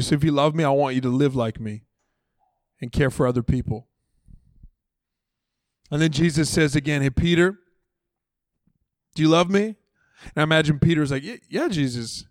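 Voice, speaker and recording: Male preacher, relaxed storyteller, voices the characters, slightly high pitch, dry close sound. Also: no echo. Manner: conversational, acts out dialogue in casual voices. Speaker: pastor. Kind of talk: sermon.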